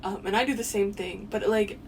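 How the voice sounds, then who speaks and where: Casting: young woman, mid-pitch, relaxed chatter, a bit far from the mic with faint hiss. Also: brisk. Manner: relaxed, laughing, many fillers. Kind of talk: casual chat.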